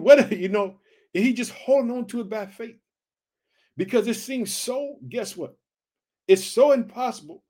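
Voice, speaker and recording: A man's voice: high voice, darkish tone. A man preaching a fervent sermon, repeating phrases and calling out to his listeners as family. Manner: fervent, repetitive call-and-response preaching.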